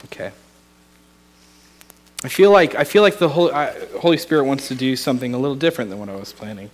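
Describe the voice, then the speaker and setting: A man's voice: mid-range voice, fast talker, big-room sound. A man, a pastor, preaching an earnest, conversational sermon with frequent restarts.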